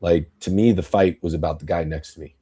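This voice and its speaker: Man, low husky voice, blunt profane podcast ranter who acts out quotes. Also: steady tone, fairly quick, mellow. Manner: blunt, profane, rambling political rant; tells stories with acted quotes. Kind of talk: casual podcast talk.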